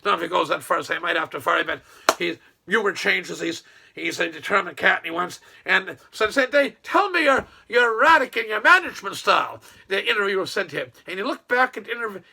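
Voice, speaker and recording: A man's voice: sits high, brisk, gravelly, sharp tone, husky. An older man from Nova Scotia, a retired businessman, rambling in a folksy monologue full of restarts and quoted asides.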